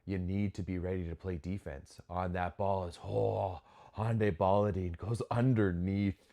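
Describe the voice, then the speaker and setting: A young man hosting a volleyball watch-along, giving casual live commentary with sudden excited exclamations and frequent restarts. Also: low voice, measured pace, vocal fry.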